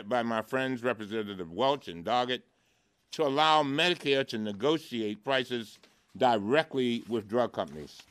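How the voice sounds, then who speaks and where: A man speaks at a press conference as a lawmaker, pressing his case with fervor and repeated phrases. His voice is smooth and resonant, set at an ordinary middle pitch. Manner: impassioned, rhetorical repetition. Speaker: congressman.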